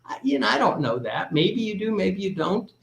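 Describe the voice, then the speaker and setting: A man's voice: sits high, very animated, normal speed, vocal fry, fairly bright tone, roomy sound. A man working as a business advisor, telling a personal story in a podcast conversation and replaying the dialogue.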